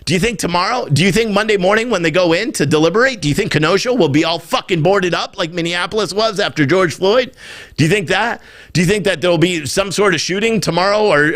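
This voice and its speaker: A man's voice: sits high, a bit bright. A man hosting a podcast, ranting in heated, profane political commentary, openly irritated. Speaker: podcast host.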